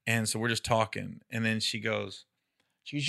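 A man telling stories on a relaxed podcast, with a very bright, cutting tone. He acts out other people's lines by jumping into high, squeaky voices and laughs between them. The sound is dry and close to the mic. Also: moderate pace, gravelly, no echo. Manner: animated storyteller who acts out quotes with high squeals and laughs. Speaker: comedian guest. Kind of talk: casual podcast storytelling.

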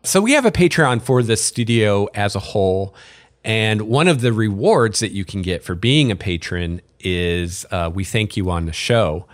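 A man hosting a podcast in a relaxed, chatty way, with casual fillers and dry sarcasm. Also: on the low side, moderate pace, no echo. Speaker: podcast host. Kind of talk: casual chat.

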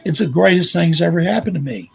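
An older man from Texas with a Texan accent, telling a folksy, animated story in a speech, emotional at times. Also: fairly high pitch, fast talker, creaky, husky.

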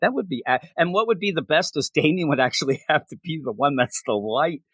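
Man, podcast co-host, lively swinging delivery, fairly high voice, dry close sound, casual comic talk. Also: brisk, husky, no echo. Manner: animated, slips into mocking voices for characters. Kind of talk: casual comic book discussion.

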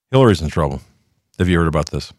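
An older male host delivering heated commentary in a very deep voice. His pitch leaps wildly, from low mutters to high shouts. The sound is dry and close, with no room echo. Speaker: talk show host. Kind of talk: opinionated commentary.

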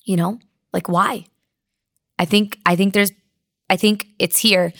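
A woman's voice: medium pitch, steady tone, unhurried, gravelly, fairly bright tone, no room sound, studio quality. A young woman athlete being interviewed, telling her story with many "like" fillers, near tears and laughing through it. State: crying. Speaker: weightlifter guest.

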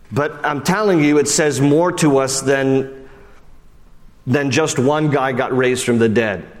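A man preaching a sermon in a casual, conversational way, climbing high and emphatic, then dropping low and hushed. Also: big-room sound. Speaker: pastor. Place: church sanctuary.

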